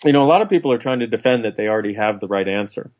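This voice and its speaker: A man's voice: lowish voice, expressive, racing, darkish tone, highs cut off. A man co-hosting a radio talk show, chatting casually, joking and laughing easily. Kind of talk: casual chat.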